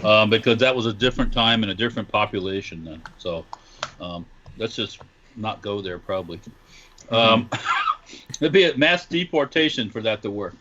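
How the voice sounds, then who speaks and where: Man, co-host, casual chat, hesitant, lively pitch, muffled audio. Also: normal speed, noisy background. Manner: hesitant, many ums, drifts into mock preaching. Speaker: podcast co-host.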